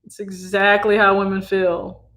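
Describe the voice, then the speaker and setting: Midwestern man, 30s, channel host; easygoing chat with a sharp, bright tone. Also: sits high, unhurried. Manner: relaxed, chatty, reads viewer questions aloud. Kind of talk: casual livestream Q&A.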